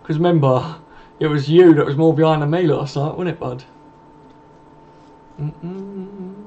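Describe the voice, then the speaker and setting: A man's voice: on the high side, measured pace, dark tone. A young man hosting a late-night live stream from home, casually reading out and answering viewer comments and swearing freely. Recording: dull lo-fi stream audio with faint noise.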